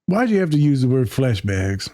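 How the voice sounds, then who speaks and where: A man's voice: mid-range voice, sing-song, normal speed, mellow, no room sound, studio quality. A man in a casual chat, joking and playful, laughing often.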